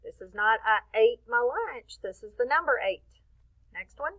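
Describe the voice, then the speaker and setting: A woman's voice: on the high side, expressive, moderate pace, a bit bright, poor audio. A woman teaching a children's phonics lesson, patient and encouraging, drawing words out to show stress. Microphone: phone or webcam.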